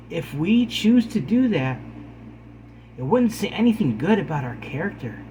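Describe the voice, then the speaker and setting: A man's voice: fairly high pitch, darkish tone, slight background noise, poor audio. A man giving an earnest, pleading talk to camera, calling his viewers guys and preaching kindness. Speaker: spiritual video host.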